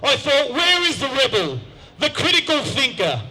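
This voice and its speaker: A man's voice: very high-pitched, very animated, moderate pace, bright, forceful tone, rough recording. A man giving an emphatic public speech at an outdoor park gathering, asking rhetorical questions. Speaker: rally speaker.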